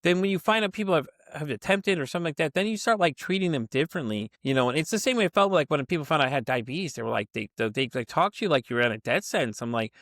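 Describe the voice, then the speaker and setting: A man's voice: fairly high pitch, expressive, fast, hardly any pauses, fairly bright tone, no room sound, clean studio sound. A man hosting a podcast interview, talking bluntly and rambling with lots of fillers and the odd curse. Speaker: podcast host. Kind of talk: casual conversational interview.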